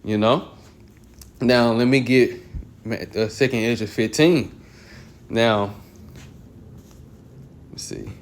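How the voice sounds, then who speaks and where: A man teaching from scripture. He reads verses aloud slowly, then explains them in loose, everyday slang. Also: medium pitch, a little hiss or hum. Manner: slow and deliberate when reading scripture. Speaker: Bible teacher. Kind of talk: casual scripture reading and commentary.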